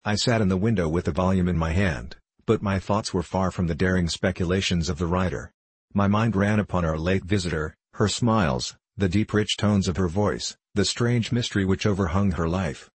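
A man narrating an audiobook in a steady, unhurried storytelling manner. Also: deep voice, slightly rough, no room sound. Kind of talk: scripted narration.

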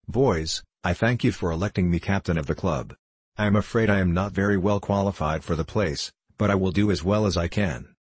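A man's voice: deep voice, a little fast, breathy edge, no echo. A man reading an earnest teenage boy. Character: earnest fourteen-year-old boy, brave and modest.

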